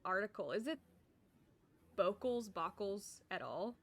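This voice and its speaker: A woman's voice: medium pitch, lively intonation, a little slow, crowd noise. A woman co-hosting a casual live-streamed science chat, talking loosely with lots of 'like'. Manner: chatty, heavy 'like', laughs often. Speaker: co-host.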